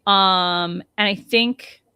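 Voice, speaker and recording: A woman's voice: mid-range voice, fairly even intonation, very slow, bright, forceful tone, clean tone, dry recording. A woman co-hosting a casual podcast, chatty and full of ums and restarts. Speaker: podcast co-host.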